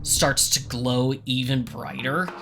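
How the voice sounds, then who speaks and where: Low-voiced woman game master. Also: slow. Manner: relaxed, amused narration. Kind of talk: narrating a tabletop game. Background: background music.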